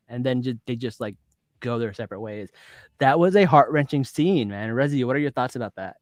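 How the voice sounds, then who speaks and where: A man hosting a podcast in casual chat, playful and quick with jokes, retelling scenes by acting out the lines. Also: medium pitch, animated, darkish tone, dry recording. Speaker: podcast host.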